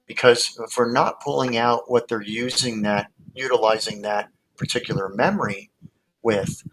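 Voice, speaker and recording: A man's voice: mid-range voice, steady tone, normal speed, noisy background. A man, a hypnotist guest, explaining his methods in casual talk with many fillers and restarts, heard over a video call.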